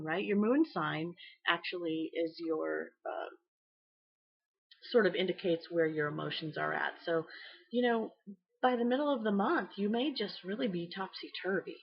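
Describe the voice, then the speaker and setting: A woman's voice: fairly low pitch, breathy edge. A middle-aged woman giving a casual, rambling tarot reading, full of fillers and small laughs. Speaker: tarot reader. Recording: slightly dull lo-fi audio.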